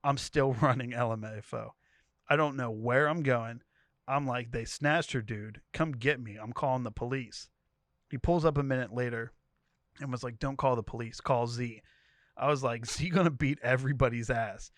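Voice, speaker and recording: A man's voice: medium pitch, dry recording, clean studio sound. Man animatedly retelling a wild story. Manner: animated storytelling, laughing between lines; quick-paced, voices each character's quoted lines. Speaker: podcast co-host. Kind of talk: narrating a tweet thread aloud.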